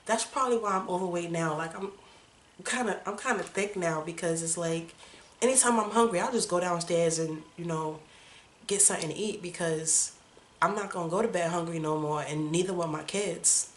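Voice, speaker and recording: Woman, 30s, lowish voice, candid personal vlog storyteller, casual fillers, roomy room echo. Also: moderate pace, slight background noise. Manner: candid and conversational, full of "like" and "you know". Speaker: vlogger.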